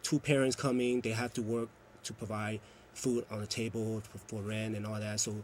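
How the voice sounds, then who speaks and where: A man's voice: fairly low pitch, level tone, normal speed, darkish tone, a little hiss or hum. A man, a youth program coordinator, earnestly explaining at length in a TV interview. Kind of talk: TV interview answer.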